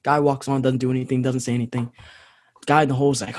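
A man's voice: medium pitch, level tone, fast talker, a little mellow. A man co-hosting a podcast, casually chatting and telling a parable, acting out the characters' voices. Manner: storytelling, acts out voices in a parable. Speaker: podcast co-host.

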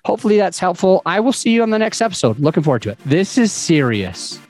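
A man's voice: sits high, big pitch swings, fast talker, a little mellow, soft background music. A man hosting a podcast, giving casual advice in a loose, conversational way with fillers and restarts. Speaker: podcast host.

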